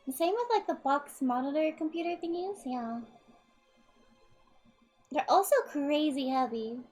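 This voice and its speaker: A woman streams a game live, reading the narration and gushing over her viewers. Her voice sits high and bright, with the slightly thick edge of a morning voice and allergies, and soft music plays faintly underneath. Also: animated, measured pace. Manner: bubbly, effusive with viewers.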